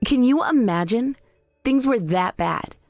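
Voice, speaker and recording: A woman's voice: fairly high pitch, animated, a little slow, dry recording, soft background music. A woman playing a cool, cutting young wife. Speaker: daughter-in-law. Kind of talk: scripted drama voice-over.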